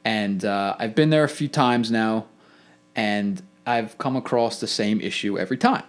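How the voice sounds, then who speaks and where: A man's voice: lowish voice, moderate pace. A man, co-hosting a podcast and chatting casually in a rambling, complaining way with many restarts. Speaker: podcast co-host. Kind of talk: casual chat.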